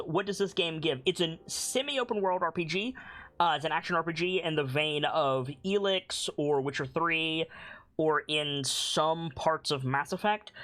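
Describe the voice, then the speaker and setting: Chatty game streamer, mid pitch. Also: a bit bright, low-quality recording. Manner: chatty, reads game text aloud. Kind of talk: casual game commentary.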